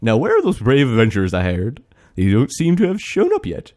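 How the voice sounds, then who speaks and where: A man's voice: mid-range voice, wildly swooping pitch, fairly quick, a little mellow. Playful, laughing man on a podcast. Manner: playful, laughs often, jokey put-on voices. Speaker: podcast co-host. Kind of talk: casual chat.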